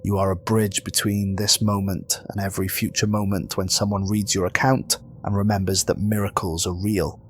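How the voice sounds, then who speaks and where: A man voicing a calm, commanding archangel who speaks gently but with solemn, measured authority. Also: lowish voice, slight background noise, lightly acted.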